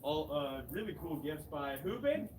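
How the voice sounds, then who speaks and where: A man's voice: fairly high pitch, lively intonation, moderate pace, a little mellow. Man, comedy co-host, rambling banter, noisy outdoor background. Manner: rambling, playful, many restarts. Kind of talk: casual improvised banter. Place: outdoors near a fire escape. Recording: distant mic, noisy outdoor ambience.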